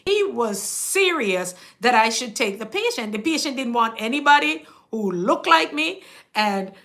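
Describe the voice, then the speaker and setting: Bright-voiced Jamaican woman telling stories. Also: on the high side, very animated, measured pace. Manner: chatty, laughs often, quotes people. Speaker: nurse and channel host. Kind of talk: casual storytelling monologue.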